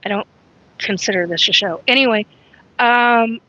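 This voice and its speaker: A woman hosts a casual live stream, talking in a rambling, frank way and stopping to greet viewers by name. Her voice sits a little high and sounds bright and sharp. The recording is dry and somewhat dull, with a lo-fi edge. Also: moderate pace. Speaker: livestream host.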